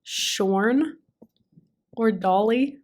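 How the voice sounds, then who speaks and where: A young woman co-hosting a relaxed podcast, chatting loosely and laughing often. She jumps from topic to topic in an easy, conversational way. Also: medium pitch, very slow. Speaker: podcast co-host. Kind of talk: casual chat.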